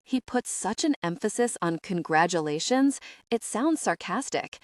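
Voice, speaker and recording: A woman reads a first-person audiobook in a steady, even way. Her voice sits at a middle pitch. The recording is dry and close, with no room sound. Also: normal speed, no room sound. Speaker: audiobook narrator. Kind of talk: first-person scripted narration.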